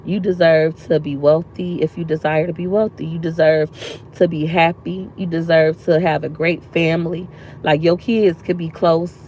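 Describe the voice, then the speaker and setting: A woman's voice: low voice, little pitch movement, moderate pace, dark tone, slight background noise. A woman vlogger sitting in a park outdoors, talking earnestly and from the heart, repeating lines for emphasis. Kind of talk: emotional motivational vlog talk.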